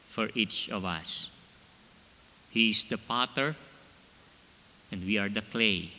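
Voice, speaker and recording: A man preaching a sermon, emphatic and measured in short phrases. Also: mid-range voice, bright, forceful tone, long reverb tail.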